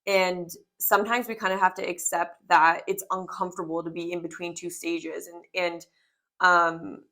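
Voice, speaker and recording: A young woman in her twenties talks through a tarot reading in a loose, rambling way. She circles back on her thoughts and leans on fillers, with a gentle, reflective delivery. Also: lowish voice, flat delivery, moderate pace. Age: 20s. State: slightly out of breath. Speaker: tarot reader. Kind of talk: casual spoken tarot reading.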